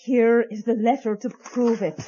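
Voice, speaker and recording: A woman's voice: a little high, steady tone, unhurried, mellow, husky. A woman playing an earnest young servant maid in a comic radio play, speaking melodramatically. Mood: solemn. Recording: dry lo-fi radio audio.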